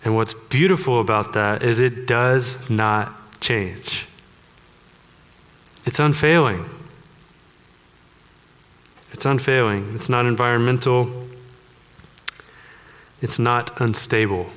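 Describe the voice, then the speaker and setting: A man's voice: medium pitch, fairly even intonation, slow, a bit bright, clear, resonant tone. A man preaching a sermon, conversational and joking with the congregation. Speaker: pastor. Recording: long hall reverb.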